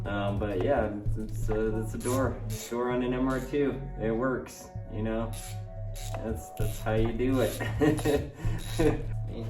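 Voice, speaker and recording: A car vlogger working on a track build strips a car door in his garage, talking casually in a medium-pitched voice at a measured pace. He's loose and joking, with lots of fillers and some swearing, and the recording is reverberant and distant with music in the background.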